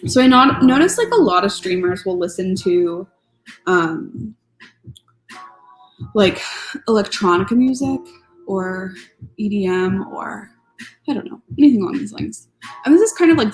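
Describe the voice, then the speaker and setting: A woman's voice: mid-range voice, expressive, normal speed, pauses often, poor audio. A woman streamer chatting casually and grumbling playfully while she builds a model. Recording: soft music playing behind.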